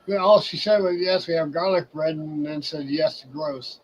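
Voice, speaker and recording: A man's voice: a little high, normal speed, highs cut off, a little hiss or hum. A man in casual chat, hesitant and meek, mumbling with false starts, heard off mic.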